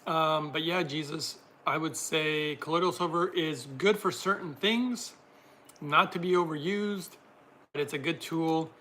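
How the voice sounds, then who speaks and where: Bright-voiced chatty man on livestream. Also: a little high, a little slow, a little hiss or hum. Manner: chatty, reads out viewer comments and laughs often. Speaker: livestream host answering viewer chat. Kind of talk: casual livestream chat.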